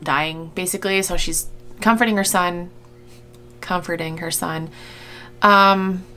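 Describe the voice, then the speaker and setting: A woman's voice: fairly low pitch, fairly even intonation, unhurried, pushed and bright, faint music behind. A woman giving reaction commentary on a video, indignant and exasperated, with frequent sighs. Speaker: YouTube commentator.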